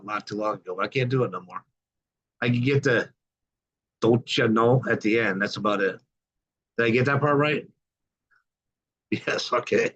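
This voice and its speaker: A man's voice: medium pitch, fairly bright tone. A middle-aged man hosting a podcast on a group video call, upbeat and folksy, welcoming newcomers over and over. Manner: enthusiastic, folksy, repeats welcomes. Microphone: computer mic on a video call. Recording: dull lo-fi call audio.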